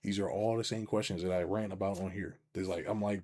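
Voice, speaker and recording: Man, middle-aged, business coach, blunt and profane, animated livestream rant. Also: fairly low pitch, fairly quick. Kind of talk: livestream monologue reading chat.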